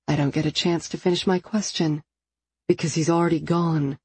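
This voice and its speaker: A woman narrating a first-person romance novel in an intimate, expressive storytelling manner. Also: low voice, moderate pace, breathy edge, no echo. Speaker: audiobook narrator.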